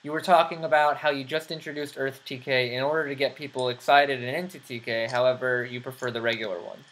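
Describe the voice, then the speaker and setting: This online show host talks quickly in a mid-range, slightly bright voice with fairly even intonation. Chatting loosely with a guest through a computer mic on a voice call, he laughs often and drifts off on tangents.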